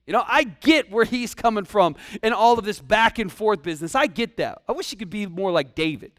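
A man preaching a sermon to his congregation in a lively, conversational way, full of rhetorical questions. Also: high-pitched, fairly quick, no echo, studio quality. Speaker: pastor. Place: church sanctuary.

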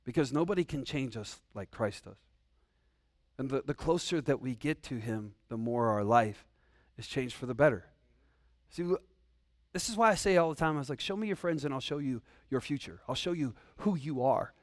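A man preaching a sermon to his congregation in a lively, conversational way, full of rhetorical questions. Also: mid-range voice, moderate pace, no room sound, clean studio sound. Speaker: pastor. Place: church sanctuary.

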